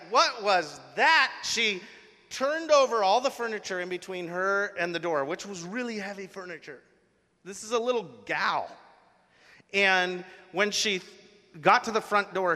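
A man with a bright, slightly high voice tells a personal story during a sermon. He speaks casually and earnestly, with plenty of fillers and restarts. His voice rings with the long reverb of a large hall.

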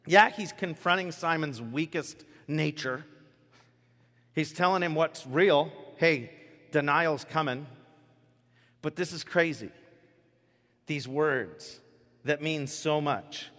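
A man's voice: fairly high pitch, slow pace, long pauses. Preaching man in a reverberant hall. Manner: animated, shifts from hushed to loud emphasis. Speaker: pastor. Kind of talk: sermon. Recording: long reverb of a large hall.

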